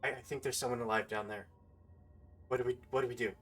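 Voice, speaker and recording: A man voicing a frightened wife aboard a ship, stammering and panicked, speaking high above his usual voice. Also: fairly even intonation, quick pace, a bit bright, soft background music, lightly acted. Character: frightened wife of a sailor, woman.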